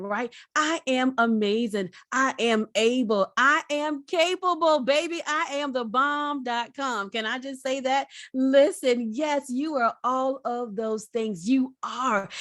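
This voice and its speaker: Middle-aged woman, high-ish voice, preacherly motivational speaker, dry close video-call sound. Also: no echo. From Virginia, United States. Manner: lively, preacherly, talks straight to the audience. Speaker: guest speaker. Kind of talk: motivational talk.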